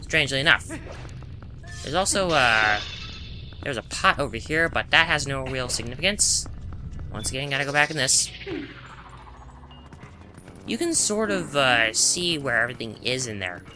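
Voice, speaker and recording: A man's voice: mid-range voice, animated, normal speed, long pauses, pushed and bright. A man giving casual, chatty commentary over a game walkthrough, correcting himself often and adding wry asides. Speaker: gameplay commentator. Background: game music.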